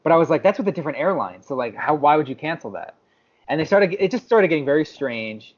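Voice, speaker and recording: Speaking at a quick pace with a fairly high pitch, this podcast co-host tells a story in casual chat. He's animated and acts out others' quotes, heard through slightly dull lo-fi audio.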